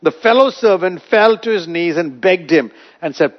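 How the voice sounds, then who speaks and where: A man preaching a sermon, retelling a parable with dramatic storytelling and wide swings in loudness. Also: high-pitched, animated, moderate pace. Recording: dull lo-fi recording.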